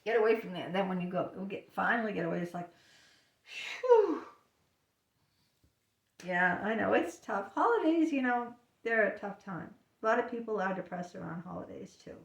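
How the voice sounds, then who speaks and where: A woman's voice: medium pitch, a little fast, gravelly, hardly any pauses, distant mic. A woman chatting casually about her own experiences, filling her talk with "you know" and acting out little snatches of dialogue. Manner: chatty, lots of fillers, acts out little voices. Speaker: talker sharing personal experience. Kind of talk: casual personal chat. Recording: echoey room, speaker away from the mic.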